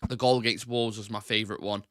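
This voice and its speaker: A man's voice: lowish voice, little pitch movement, quick pace, fairly bright tone, no room sound, studio quality. A young man hosting a casual football chat show, talking loosely and swearing often. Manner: chatty, swears a lot, gets flustered with tech. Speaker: football podcast host.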